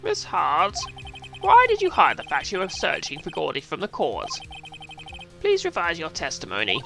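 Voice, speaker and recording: Lively man reading game lines. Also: a little high, normal speed, vocal fry. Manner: lively, reads the defense lines with emphatic energy. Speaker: streamer playing a game. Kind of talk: reading game dialogue aloud on a live stream. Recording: game music behind.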